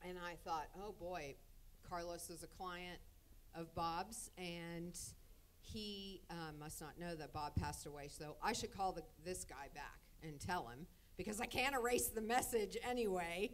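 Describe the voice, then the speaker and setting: A woman's voice: on the low side, unhurried, slight background noise. A woman telling her testimony on a convention stage, narrating steadily and acting out quoted dialogue. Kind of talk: storytelling testimony. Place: convention stage before an audience.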